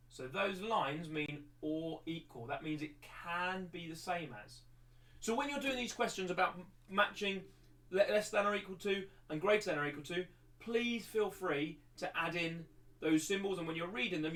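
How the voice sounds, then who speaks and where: A man's voice: high voice, a bit bright, recorded from a distance. A man with an English accent teaching a livestreamed maths lesson, rambling with many restarts and repeated words.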